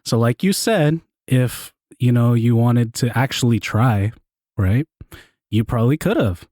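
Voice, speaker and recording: Male podcast host, mid pitch, dry close sound, animated joking storyteller. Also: a little slow, no echo. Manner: animated storyteller, laughs often, swears. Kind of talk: casual chat, storytelling.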